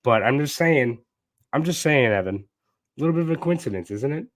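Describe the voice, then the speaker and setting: A man's voice: medium pitch, lively intonation, brisk, no echo. A man hosting a sports podcast while sick with a sinus infection, sardonic and profane. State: sick, congested voice. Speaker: podcast host. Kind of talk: casual sports podcast chat.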